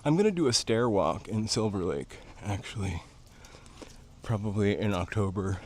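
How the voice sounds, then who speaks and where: A man's voice: on the low side, lively intonation, normal speed, a little mellow, a little hiss or hum. Man chatting breathlessly on an uphill walk. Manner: chatty, slightly out of breath from climbing. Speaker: vlogger. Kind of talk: casual walking commentary. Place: outdoors on hillside streets and stairs.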